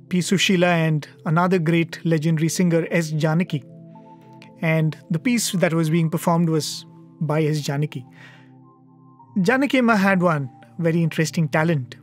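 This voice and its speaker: A man giving a devotional storytelling talk, earnest and reflective, with soft hesitations. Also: on the high side. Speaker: satsang speaker.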